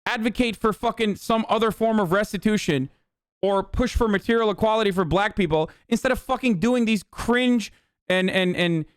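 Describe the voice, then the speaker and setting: A male livestream host from Turkey delivers a heated, profane rant in a somewhat high voice. His tone is smooth and resonant. The recording is dry and close. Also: no echo.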